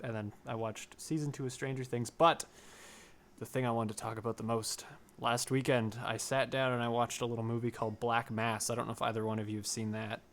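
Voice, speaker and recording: A man's voice: medium pitch, fairly quick. A man co-hosting a casual podcast chat, rambling through what he watched with plenty of fillers. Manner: rambling, animated storytelling with fillers. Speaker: podcast co-host.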